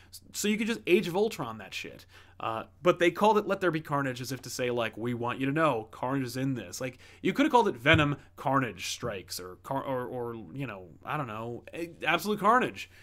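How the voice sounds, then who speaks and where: Reading viewer messages on his comic book livestream, a man with a fairly bright, higher-pitched voice chats loosely. His speech wanders with many fillers and frequent restarts.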